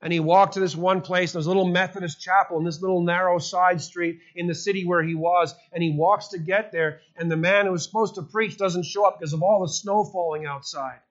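Male preacher, high pitch, storytelling sermon with repeated emphasis, muffled lo-fi recording. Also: fairly even intonation, a little fast, hardly any pauses.

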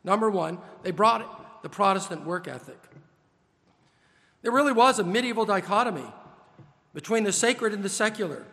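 Male preacher, emphatic list-building delivery, sharp bright tone. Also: sits high, expressive, normal speed, vocal fry, pauses often, long reverb tail. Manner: emphatic, building lists with rising stress. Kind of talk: sermon.

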